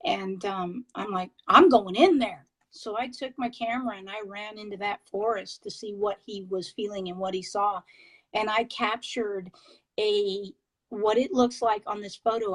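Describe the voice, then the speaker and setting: A woman on a video call, a paranormal investigator, telling her experiences in an excitable, halting way with many fillers and restarts. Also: mid-range voice, rough recording. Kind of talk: casual interview storytelling.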